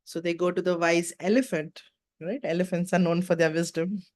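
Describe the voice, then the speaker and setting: A woman's voice: on the low side, steady tone, normal speed. A woman hosting a spiritual wellness talk, telling a fable and asking the listener reflective questions. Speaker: meditation talk host.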